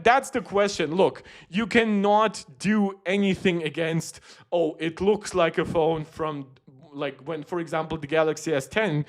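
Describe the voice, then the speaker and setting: Guy rambling on his tech stream, kinda high voice, lots of restarts. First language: German. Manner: chatty, rambling, frequent restarts. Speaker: tech channel host. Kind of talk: casual livestream commentary.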